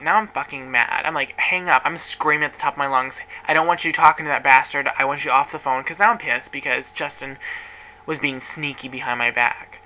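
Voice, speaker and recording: Young man, chatty gossip storyteller, very bright sharp tone, slight background noise. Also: fairly high pitch, poor audio. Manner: chatty, dramatic, swears freely. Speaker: vlogger. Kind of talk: casual storytelling to camera.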